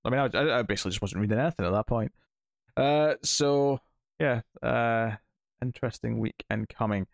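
A man's voice: mid-range voice, brisk, creaky, no echo, clean studio sound. A man co-hosting a podcast, chatting casually and reading out thanks, with many fillers and restarts. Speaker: podcast co-host. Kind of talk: casual podcast chat and outro.

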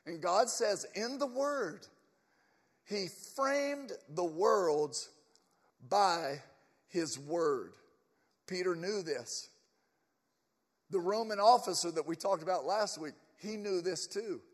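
A man's voice: sits high, animated, slow pace, long pauses. A man preaching a sermon, emphatic and storytelling, addressing his congregation in a church. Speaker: pastor. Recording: long church reverb.

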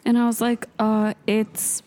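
A woman's voice: on the high side, a little slow. A young woman, co-host of a podcast, telling a casual story and acting out the other people in it. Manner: animated, acts out quotes in a put-on voice.

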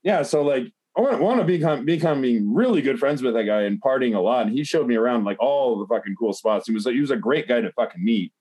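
A man in a casual podcast chat spins a rambling anecdote, cursing often and leaning on fillers. His voice sits at an ordinary middle pitch. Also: lively intonation, fast talker, few pauses, a little mellow. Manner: rambling, heavy swearing, many fillers like "like". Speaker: podcast host telling a story.

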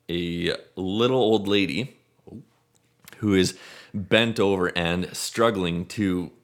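A man with a fairly low voice acts as game master for a tabletop game. He narrates the scene in a relaxed, unhurried way, with frequent small restarts. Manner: relaxed, halting descriptions with repeated words.

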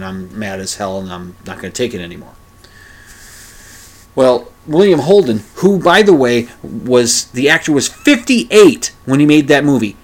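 Rambling grumbling man in his fifties. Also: mid-range voice. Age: 50s. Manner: rambling, grumbling and self-deprecating, with frequent restarts and mild swearing. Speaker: podcast host. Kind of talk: casual solo podcast monologue.

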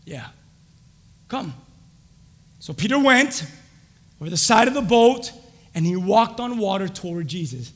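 A young adult man preaching a sermon, quizzing the congregation with fill-in-the-blank questions and rising to shouts. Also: sits high, big pitch swings, measured pace, pauses often, in a large hall. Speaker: pastor.

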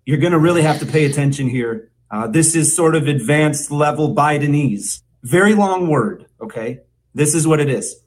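A man hosting a podcast, presenting a mock language lesson with a teasing, drawn-out teacher delivery. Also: fairly high pitch, expressive. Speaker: podcast co-host.

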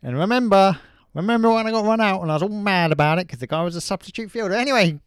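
A man's voice: high-pitched, racing, clear, resonant tone, no room sound, clean studio sound, voice pushed up. A man putting on an over-the-top Queensland Australian accent as a brash male cricketer, rambling and boisterous.

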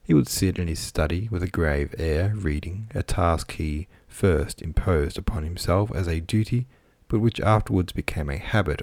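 A man narrating a classic novel as an audiobook in a measured, even reading style. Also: deep voice, no echo.

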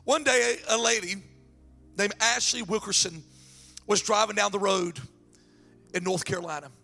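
A man preaching a sermon and telling a story, excitable and repeating words as he builds up, his throat strained. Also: high voice, normal speed, creaky, faint music behind. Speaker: pastor.

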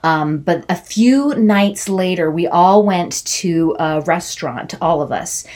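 Animated woman telling a story. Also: takes it slowly. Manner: animated storyteller, acts out quotes with big pitch jumps. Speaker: guest. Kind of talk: casual chat.

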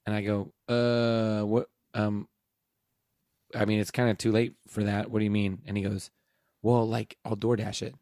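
A man's voice: lowish voice, level tone, normal speed, darkish tone, dry recording, studio quality. A man who works as a teacher, casually telling a rambling story and acting out the dialogue, laughing as he goes. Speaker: teacher and podcast host.

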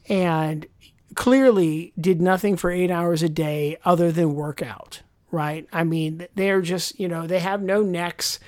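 Lady on a podcast just chatting, kinda low voice, rambly with lots of likes and you knows, dry close sound. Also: a little mellow, dry recording. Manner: rambling, chatty, heavy on fillers and asides. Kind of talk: casual chat.

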